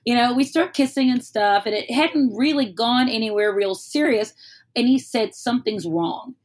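A woman's voice: on the high side, moderate pace. A woman telling a personal story in casual speech, candid and wry, swearing and acting out what people said.

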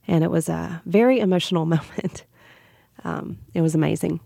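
A woman's voice: fairly low pitch, normal speed, gravelly, dark tone, dry recording, clean studio sound. A woman with a Southern US accent, a radio guest telling a heartfelt personal story with bits of laughter.

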